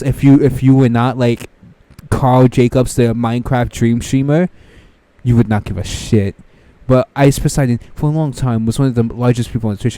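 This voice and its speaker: Young man, swearing reaction rant, mellow dark tone, scornful. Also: mid-range voice, no room sound. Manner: swearing, exasperated ranting with mocking asides. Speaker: commentary streamer. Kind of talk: profane reaction commentary.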